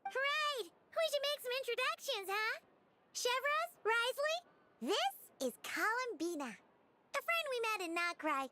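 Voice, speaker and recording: A woman voicing a tiny, excitable fairy companion girl in a video game who talks in a chirpy, bossy way. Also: very high-pitched, a little slow, heavy background noise, exaggerated voice. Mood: cheerful. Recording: game audio over music.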